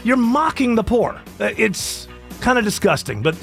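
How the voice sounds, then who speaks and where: A man's voice: high voice, sing-song, moderate pace, gravelly, a bit bright, soft background music. A man hosting a talk radio show, giving wry, sarcastic opinions in casual comedic banter.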